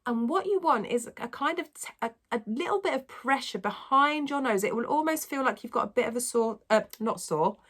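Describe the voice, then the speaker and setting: A woman vocal coach teaching a singing lesson, explaining technique and demonstrating squeaky sung vowels. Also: animated, fairly quick, few pauses, fairly bright tone.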